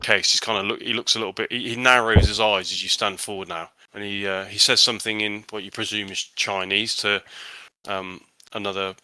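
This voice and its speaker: A man's voice: lowish voice, flat delivery, fairly quick, sharp tone, clear, resonant tone, no echo. A man narrating a tabletop horror game as game master, hesitant and full of restarts.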